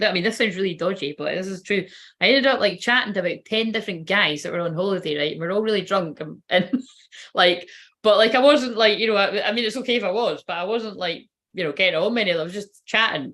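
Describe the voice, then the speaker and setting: A woman's voice: mid-range voice, a bit bright. A woman telling a personal story in a casual, rambling way, swearing freely and laughing often. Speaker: spiritual reader.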